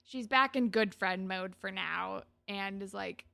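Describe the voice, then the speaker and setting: Young woman, casual co-host, chatty and animated, quotes characters as she goes. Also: mid-range voice, unhurried, creaky. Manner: chatty, full of "like", acts out characters' lines. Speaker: podcast co-host recapping a TV episode. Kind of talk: casual chat.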